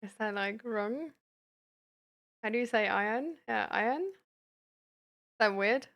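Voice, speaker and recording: A woman's voice: on the high side, a little slow, long pauses, a bit bright. A young woman from Germany with a light German accent, chatting casually with her live-stream audience and laughing often. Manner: giggly, chatty, reacts to chat.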